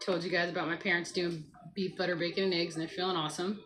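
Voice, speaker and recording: A woman's voice: fairly low pitch, flat delivery, fast talker, a bit bright, soft background music, low-quality recording. A woman hosting a casual morning livestream at home, chatting to viewers, reading the chat aloud and talking to her child beside her. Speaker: livestream host. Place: at home by a computer.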